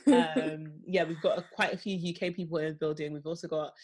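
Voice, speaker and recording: A woman's voice: sits low, fairly even intonation, fairly quick, darkish tone, slight background noise. A young woman co-hosting a podcast in casual chat, bubbly and playful with jokey asides. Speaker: podcast co-host.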